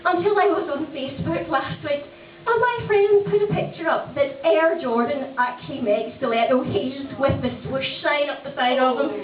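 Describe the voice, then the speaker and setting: A woman's voice: high voice, moderate pace, few pauses, noisy background. A woman in her thirties with a Northern Irish accent doing a chatty, brash stand-up set, swearing freely and laughing often. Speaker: stand-up comedian. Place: small comedy club stage. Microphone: handheld stage mic. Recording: tinny, distant, echoey club recording.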